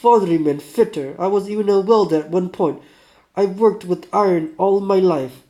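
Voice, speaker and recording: A man voicing a bitter, sickly male metalworker under forty in a put-on Russian accent, loud and snappish. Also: sits high, moderate pace, pitched above the performer's own voice, close to an everyday voice. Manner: snappish, raised, belligerent.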